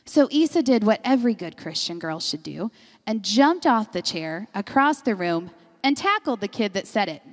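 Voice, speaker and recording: A middle-aged woman pastor preaching a sermon, telling personal stories in an animated way and often laughing as she talks. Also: a little high. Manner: animated storyteller, laughs often mid-sentence. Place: church sanctuary. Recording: long reverb of a large hall.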